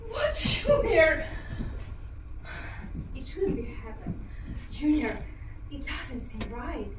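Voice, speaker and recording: A woman playing a frightened young soldier. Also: sits high. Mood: tender. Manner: hesitant, halting. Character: frightened young female soldier, longing for comfort. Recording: echoey, distant, faint noise.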